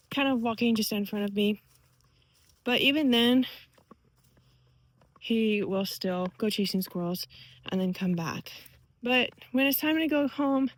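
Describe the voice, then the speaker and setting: A woman talking to her viewers while fast walking outdoors on a wooded trail, out of breath, chatty and reflective. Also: mid-range voice, no room sound, low-quality recording. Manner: chatty, reflective, laughs easily. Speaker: vlogger. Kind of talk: walking vlog musing.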